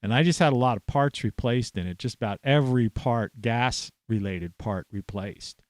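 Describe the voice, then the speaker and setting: A man's voice: mid-range voice, normal speed, dry recording. A man at home, ranting scornfully to camera with plenty of swearing. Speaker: vlogger. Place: at home, indoors in an old house.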